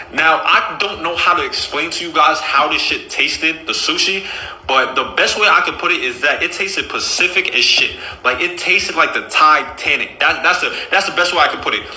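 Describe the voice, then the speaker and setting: A man on a podcast telling a comic story in a casual, profane, animated way. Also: on the high side, reverberant, low-quality recording. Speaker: podcast host.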